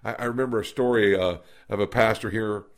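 A man's voice: fairly low pitch, fairly even intonation, a little fast. A man co-hosting a podcast from an office, telling stories in a casual, folksy way that is full of restarts and repeated words. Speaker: podcast co-host. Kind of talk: casual conversational storytelling. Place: office recording room.

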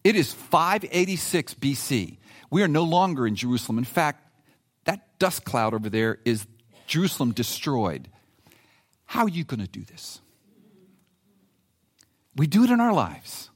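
Male pastor, lively sermon delivery, slightly higher voice, conversational. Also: measured pace, pauses often. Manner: animated, conversational preaching with swings in pitch; reads scripture with emphasis.

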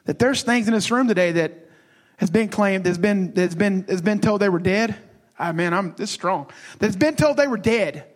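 A man with a notably high voice delivers a sermon. He surges between loud, fervent proclamation and soft, hushed confiding, often stumbling and restarting mid-sentence. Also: animated, moderate pace. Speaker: pastor.

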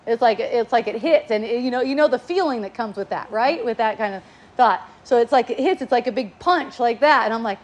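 Playful high-voiced woman teacher. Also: fairly quick. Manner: playful, laughs often, quotes people in lively voices. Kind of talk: casual spiritual talk.

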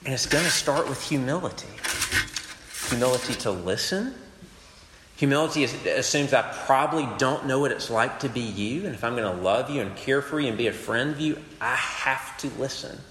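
A man's voice: medium pitch, lively intonation, moderate pace, fairly bright tone. Young man, conversational sermon, casual asides, long hall reverb, faint noise behind. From Mississippi, US. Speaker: campus preacher.

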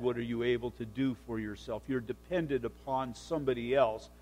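Guy preaching a sermon, quick earnest delivery, big hall reverb. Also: medium pitch, darkish tone. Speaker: pastor.

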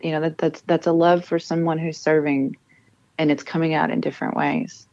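A woman's voice: deep voice, level tone, moderate pace, a little mellow, dry recording, highs cut off. A woman in her thirties, a military spouse and author, telling her family's story with earnest emotion and frequent restarts. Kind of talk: personal storytelling in an interview.

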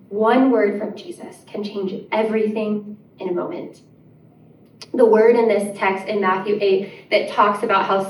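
A woman's voice: medium pitch, recorded from a distance, slight background noise. A woman preaching a sermon in a church, earnest and pleading, rising to emphatic peaks. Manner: earnest, rising to emphatic, drops to soft prayer. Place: church sanctuary. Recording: echoey church room, mic set back.

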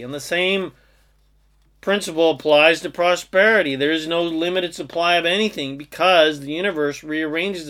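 Self-help teacher, male, slightly high pitch, emphatic preachy delivery. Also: bright, forceful tone. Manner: emphatic, lists things in long run-on strings. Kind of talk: motivational monologue.

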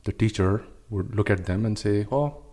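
Low mellow-voiced man telling a story. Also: level tone, normal speed. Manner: storytelling, with "uh" fillers and restarts. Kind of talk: casual discussion.

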